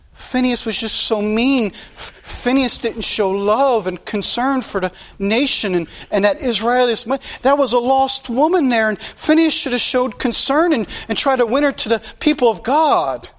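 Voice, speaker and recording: A male pastor preaching a sermon in a blunt, impassioned way, repeating his points. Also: very high voice.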